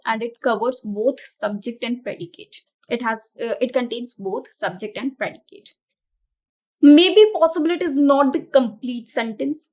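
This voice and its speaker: A woman teaching an exam-prep grammar lesson, explaining each point and rephrasing it as she goes. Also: on the high side. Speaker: English teacher.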